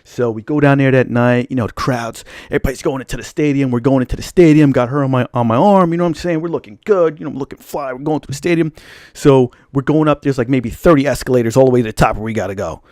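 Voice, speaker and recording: A man's voice: medium pitch, fast, a little mellow, no room sound, clean studio sound. A young man hosting a casual storytime vlog, rambling and slangy as he tells his story. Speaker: storytelling channel host.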